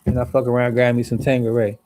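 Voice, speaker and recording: A man's voice: medium pitch, monotone, fast, noisy background. A man livestreaming an angry, profane story with heavy emphasis. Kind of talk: heated storytelling rant.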